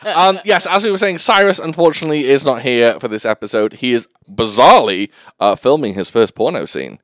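Man, podcast host, lively pitch, joking, dry close sound. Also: a little fast, no echo. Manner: joking, animated, teasing. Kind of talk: casual chat.

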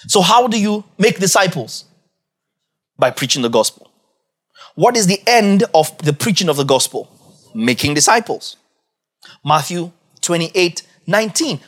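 A man preaching a Bible teaching, asking his audience questions, repeating key phrases, and swinging between quiet low asides and loud emphatic peaks. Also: lively intonation, a little slow, pauses often, slightly rough. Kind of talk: sermon-style Bible teaching.

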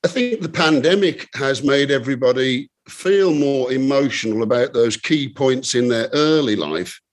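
A man's voice: medium pitch, animated, normal speed. An older man, a musician guest, speaking from his home over a video call in a reflective, nostalgic way. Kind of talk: relaxed interview conversation.

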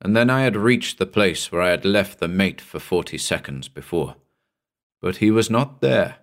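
Male narrator, lowish voice, measured and dramatic, horror story reading. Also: lively intonation. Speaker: audiobook narrator.

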